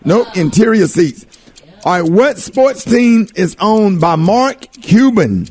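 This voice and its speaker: A man hosting a radio morning show, talking in animated, repetitive bursts. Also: high-pitched, slow pace, husky. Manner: animated, repeats words when excited. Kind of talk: excited radio show banter.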